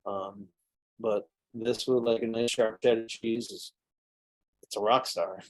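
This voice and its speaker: Casual storytelling at a tasting comes from a middle-aged mead maker whose anecdotes ramble, with fillers and restarts. He speaks unhurriedly, in a voice on the low side with fairly even intonation.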